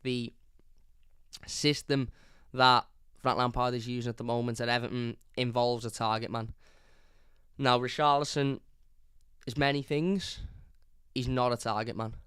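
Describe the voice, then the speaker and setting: Blunt fan-channel host. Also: male voice, mid-range voice, fairly bright tone, clean tone, dry recording, clean studio sound. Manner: blunt, opinionated, repeats points. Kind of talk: live match review reading chat comments.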